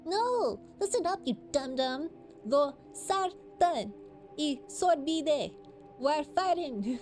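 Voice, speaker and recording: A woman's voice: big pitch swings, moderate pace, darkish tone, a little hiss or hum. A woman voicing a small, earnest and bossy little girl in a visual novel playthrough. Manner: high childish voice, pleading.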